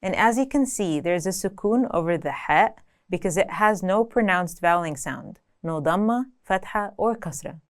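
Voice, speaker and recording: Her voice lowish but her intonation lively, a woman language teacher presents a scripted lesson. She enunciates deliberately and slows on example words.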